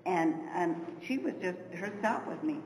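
Woman, earnest testimony in a Bible class, low-ish voice, echoey hall recording. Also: expressive, moderate pace. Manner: earnest, heartfelt storytelling. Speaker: class member sharing testimony. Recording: roomy hall with background noise.

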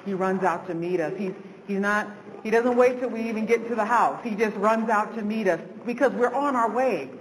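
A woman's voice: medium pitch, normal speed, few pauses, big-room sound, slight background noise, poor audio. Affirming woman in a Bible class.

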